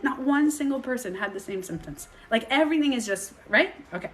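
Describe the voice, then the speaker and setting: A woman's voice: on the high side, animated, brisk, fairly bright tone. A woman coach talking straight to the viewer in a chatty, rambling way, now and then acting out other people's voices. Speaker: self-projection coach. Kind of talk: casual direct-to-camera monologue.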